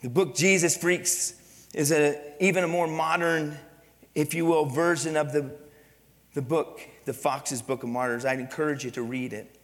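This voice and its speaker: Male pastor, sermon, earnest and emphatic, slightly high voice, long hall echo. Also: fairly even intonation, moderate pace, fairly bright tone. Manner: earnest, quizzes the congregation with questions. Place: church sanctuary.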